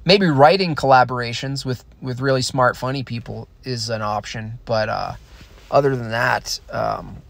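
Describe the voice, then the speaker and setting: A man's voice: medium pitch, normal speed, gravelly, fairly bright tone. A man casually answering viewer questions, blunt and opinionated, often restarting his sentences. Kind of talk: casual stream Q&A.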